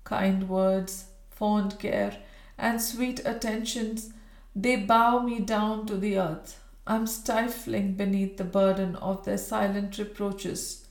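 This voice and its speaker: A feverish dying woman raves and pleads in her delirium, her voice climbing high and loud, as a woman reader puts her on. The sound carries a roomy echo. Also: flat delivery, takes it slowly. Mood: feverish raving. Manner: rambling, raving, pleading.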